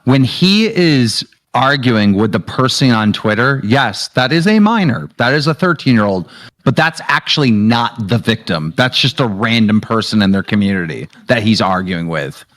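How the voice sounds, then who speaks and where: A man on a video call with a middle-pitched voice, stepping in to calm the shouting. He explains things steadily and keeps steering everyone back to the facts. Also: moderate pace. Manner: calming, tries to steer the talk. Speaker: moderator. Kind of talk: casual chat.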